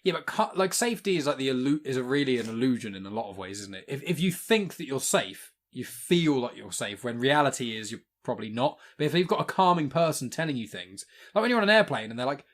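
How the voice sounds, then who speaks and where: A man's voice: mid-range voice, very animated, quick pace, a bit bright. A man hosting a podcast in casual chat, rambling and laughing often as he goes off on tangents. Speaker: podcast host.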